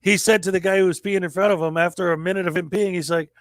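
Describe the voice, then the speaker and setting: A man in his forties hosting a livestream, telling a story in a lively casual way and acting out the people he quotes. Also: sits high, fast talker, no echo. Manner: animated storyteller, acts out quoted voices. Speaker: livestream host.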